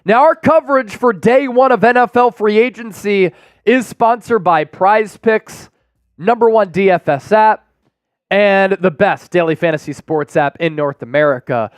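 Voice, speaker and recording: A man's voice: sits high, measured pace, no room sound, clean studio sound. A man hosting a live sports stream, reading sponsor copy and viewer super chats with energy. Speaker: sports show host.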